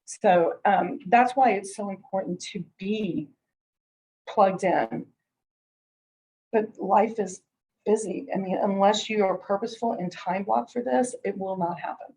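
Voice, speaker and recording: In a rough recording, a middle-aged woman with a mid-range, darkish voice gives a conversational real estate training at a slightly slow pace. She's chatty, repeats and restarts herself, and acts out what callers say.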